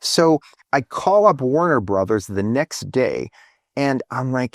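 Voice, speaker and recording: A man in his fifties, a guest in a casual interview, telling stories in a halting way with many fillers and restarts. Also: dry recording, studio quality. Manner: animated, acts out quoted speech with lifted pitch. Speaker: guest artist.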